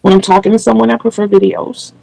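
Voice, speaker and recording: A woman's voice: mid-range voice, little pitch movement, fast talker, creaky, dark tone, dry recording, low-quality recording. A woman hosting a casual video interview, speaking earnestly and explaining things at length with small restarts. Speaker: channel host interviewing a guest.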